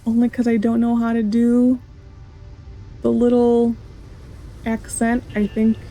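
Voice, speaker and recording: A woman's voice: a little high, monotone, slow, dark tone, soft background music. Chatty woman narrating her gameplay. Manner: chatty, thinking aloud while playing. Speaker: gameplay video host. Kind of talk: casual gameplay commentary.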